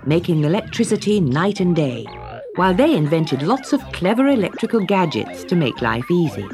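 A woman narrating a children's story slowly and expressively. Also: lowish voice, sing-song. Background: background music.

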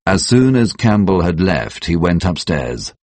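Audiobook narrator, man, very deep, husky, dry. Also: big pitch swings, measured pace, a little mellow, no echo.

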